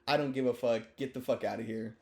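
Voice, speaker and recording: A man's voice: medium pitch, steady tone, fast talker, close to an everyday voice. A man voicing a cocky, laid-back male baseball catcher who swears and shrugs everything off. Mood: defiant. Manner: swaggering, profane, unbothered.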